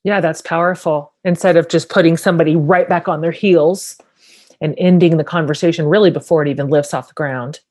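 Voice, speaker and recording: Low-voiced woman hosting an interview. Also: steady tone, brisk, a little mellow. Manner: responsive, reflective reactions. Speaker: interview host. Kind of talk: conversational interview.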